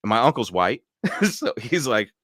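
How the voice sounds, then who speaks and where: A man's voice: mid-range voice, very animated, unhurried, fairly bright tone, dry recording, clean studio sound. A man hosting a live podcast, chatting casually and laughing often as he reads out viewer comments. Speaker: podcast host. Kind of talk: casual live-stream chat.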